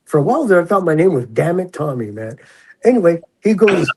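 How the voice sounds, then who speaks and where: A man in his sixties, a retired prison officer, tells stories in a loose, chatty way. His voice is mellow and husky and sits a touch higher than most men's. He drops into the voices of the people he quotes as he goes. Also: sing-song, fairly quick, rough recording. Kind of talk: casual storytelling.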